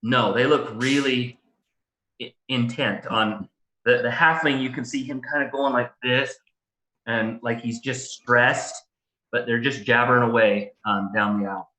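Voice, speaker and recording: A man narrates a tabletop game as dungeon master, his voice bright and forward. He feels his way through each scene, restarting sentences and filling pauses with ums. The room around him rings with a noticeable echo. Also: medium pitch, steady tone. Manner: halting, full of restarts and ums. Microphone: livestream mic.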